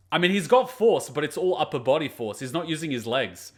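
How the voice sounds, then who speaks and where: Guy doing anime reactions, cussing and roasting the fight, voice a bit high and swinging all over. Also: expressive, fairly quick, hardly any pauses. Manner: blunt, profane, mocking critique. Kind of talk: casual reaction commentary.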